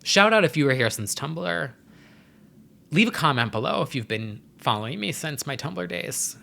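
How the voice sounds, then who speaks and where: A man's voice: fairly high pitch, lively intonation, normal speed, creaky, sharp tone. A young man hosting his own vlog, talking in a rambling, chatty way with sassy slang. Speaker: vlogger host. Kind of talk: casual chat to camera.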